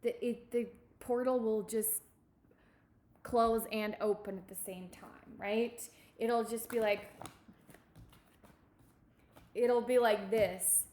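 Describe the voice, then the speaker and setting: A woman giving a tarot reading, speaking in a halting, reassuring way and often repeating her words. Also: on the high side, little pitch movement, darkish tone. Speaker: tarot reader.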